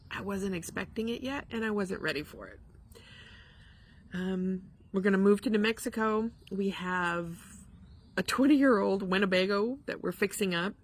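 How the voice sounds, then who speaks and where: A woman's voice: mid-range voice, slight background noise. A woman shop owner talking candidly to her viewers from her yard in a rambling way, with frequent ums. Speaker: spiritual shop owner and vlogger. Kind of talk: casual heartfelt chat to camera.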